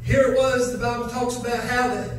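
A male evangelist preaching a fiery revival sermon, building to shouted, sing-song chanting. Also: extremely high pitch, flat delivery, fairly quick, slight background noise. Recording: echoey church hall from far off, faint music.

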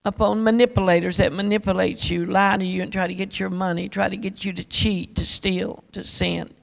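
A solemn male Jesus speaking judgment with quiet authority, as a woman preacher puts him on. The voice is gravelly and firm, told within a spoken testimony. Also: high voice, flat delivery, fairly quick, rough recording. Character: solemn male Jesus, gentle yet stern judge.

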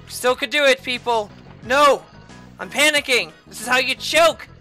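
A woman streaming a video game, raging and cursing loudly at it in heated gameplay commentary. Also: high-pitched, moderate pace, faint music behind. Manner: furious profane yelling at the game. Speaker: gaming streamer.

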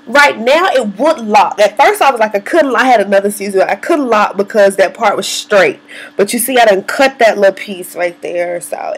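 A woman's voice: medium pitch, breathy edge. A young woman chatting casually to camera in a vlog, swearing freely and laughing often. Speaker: hair vlogger.

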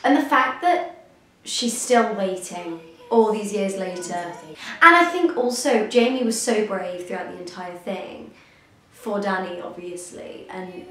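A woman's voice: medium pitch, a bit bright, a little hiss or hum. A young woman vlogger giving a casual reaction commentary, gushing and rambling with self-deprecating asides. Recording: very echoey room, faint music behind.

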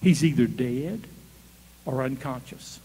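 A man preaching a sermon, retelling a story with animated questions to the congregation. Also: medium pitch, slow pace, breathy edge. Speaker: guest preacher. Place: church sanctuary. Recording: long church hall reverb.

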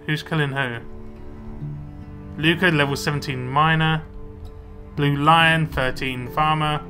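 The young gamer's voice is on the high side with fairly even intonation, bright and forceful, and he takes it slowly. Faint music plays behind him as he chats casually about his let's play, muttering to himself throughout.

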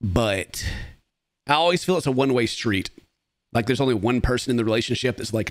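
A man's voice: medium pitch, lively intonation, a little fast, dry recording. A man hosting a casual reaction commentary, rambling and laughing with sarcastic asides into a close mic. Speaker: host.

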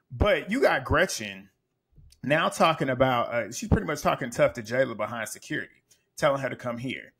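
Husky-voiced man giving a blunt recap. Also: mid-range voice, lively intonation, moderate pace, a bit bright. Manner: blunt, profane, emphatic opinions. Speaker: reality TV recap host. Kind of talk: casual episode recap commentary.

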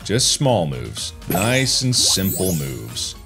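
Animated man joking through a game. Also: deep voice, slow pace, gravelly, music in the background. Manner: joking, animated, yelling at setbacks. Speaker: gaming video host. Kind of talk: casual let's-play commentary.

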